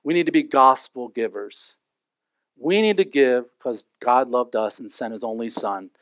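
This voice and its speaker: A male pastor preaching a sermon in a church. He talks in a lively way and acts out small scenes and quotes with humor. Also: medium pitch, normal speed, no room sound. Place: church sanctuary. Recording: dull lo-fi dry recording.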